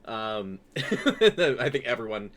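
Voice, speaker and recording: A man's voice: mid-range voice, sing-song, slow, a bit bright. A man running a tabletop game as game master, narrating loosely with lots of fillers.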